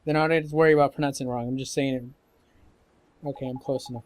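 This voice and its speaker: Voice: medium pitch, steady tone, quick pace. A let's-play commentator making casual, joking and sarcastic asides over gameplay.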